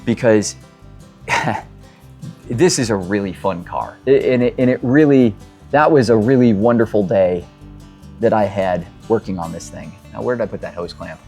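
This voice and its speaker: A man's voice: fairly low pitch, darkish tone. Rambling, chatty mechanic man. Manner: rambling, chatty, self-deprecating storyteller. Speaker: mechanic and show host. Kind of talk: casual talk while working on a car. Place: car workshop.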